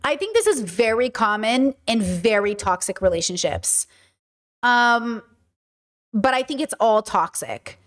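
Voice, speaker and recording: A blunt woman streamer with a slightly high voice gives casual, opinionated commentary. She talks emphatically and keeps repeating her point until it lands. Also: sing-song, unhurried. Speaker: streamer and host.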